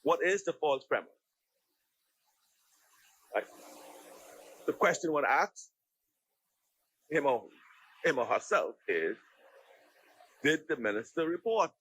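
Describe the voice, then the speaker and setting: Bahamian man, MP type, husky tone, argues a point in the chamber, stumbles and restarts a lot. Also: on the high side, sing-song, takes it slowly, long pauses, fairly bright tone, low-quality recording. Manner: argumentative, frequent restarts and repeated words. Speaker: member of parliament. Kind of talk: parliamentary debate speech. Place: legislative chamber.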